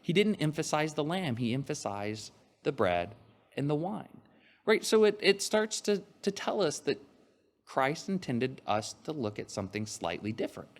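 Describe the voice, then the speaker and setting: A man's voice: on the high side, very animated, moderate pace. A man preaching a sermon, reading scripture aloud and explaining it in a conversational way, with frequent fillers and restarts.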